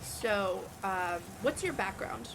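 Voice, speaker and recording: A woman running a tabletop game as game master, narrating the action in an animated way with frequent fillers. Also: medium pitch, slow, slight background noise.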